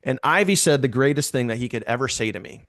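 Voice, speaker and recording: Animated man telling a story, dry sound. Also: mid-range voice, fast talker, dry recording. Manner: animated, repeats phrases for emphasis. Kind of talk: casual storytelling to a team.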